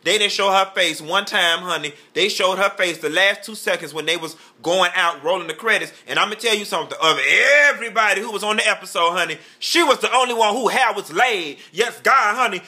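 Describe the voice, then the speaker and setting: A man's voice: high voice, brisk, hardly any pauses, bright, forceful tone. A man giving campy, sassy gossip commentary as a vlogger, drawling and calling the listener "honey" and "child" while throwing playful shade.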